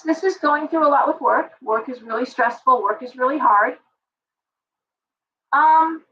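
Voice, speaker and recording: A middle-aged woman hosting a casual livestream tarot reading, chatty and ranting with animated asides. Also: high-pitched, distant mic, dull audio, slight background noise. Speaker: tarot reader and live stream host.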